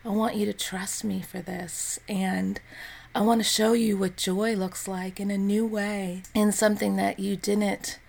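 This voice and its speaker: Gravelly-voiced woman hosting a faith podcast. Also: medium pitch, flat delivery, unhurried. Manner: earnest, encouraging, softly spoken with fillers. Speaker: podcast host. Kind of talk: unscripted devotional podcast talk.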